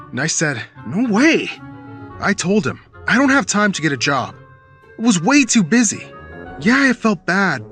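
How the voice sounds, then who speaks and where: A man narrates a first-person storytime tale in a fairly high, animated voice. He tells it dramatically and breaks into shouted lines, with faint music playing behind him. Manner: dramatic, bursts into shouted quotes.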